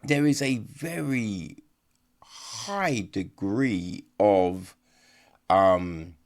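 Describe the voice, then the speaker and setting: A man talks through a film review in a loose, rambling podcast chat, leaning on fillers and tossing in "right?" again and again. His pitch rises and falls with lively movement, and he takes his time, speaking at an unhurried pace. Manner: rambling, exasperated, lots of fillers and rhetorical "right?".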